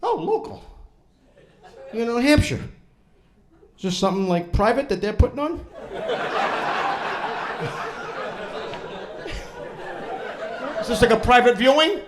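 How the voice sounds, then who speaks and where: Brash New comic, lively pitch. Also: male voice, takes it slowly, long pauses. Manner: brash, profane, teasing the crowd. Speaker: stand-up comedian. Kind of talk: stand-up set with crowd work. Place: comedy club before a live audience.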